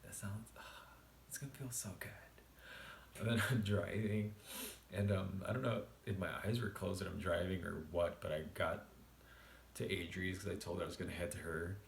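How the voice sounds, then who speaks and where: A man quietly telling a casual storytime vlog late at night at home, keeping his voice down and laughing often. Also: sits low, level tone, moderate pace, vocal fry, roomy sound, slight background noise. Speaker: vlogger.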